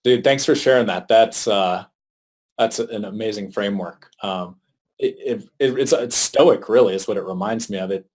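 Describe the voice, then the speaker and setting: A man hosting a podcast, talking in a relaxed, halting way with fillers. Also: lowish voice. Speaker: podcast host. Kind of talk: casual interview chat.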